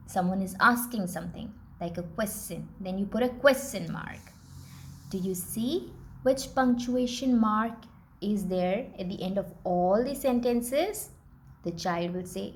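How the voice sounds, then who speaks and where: Slow, patient woman teacher. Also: mid-range voice. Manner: slow, patient, explaining step by step. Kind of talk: teaching parents, with a child.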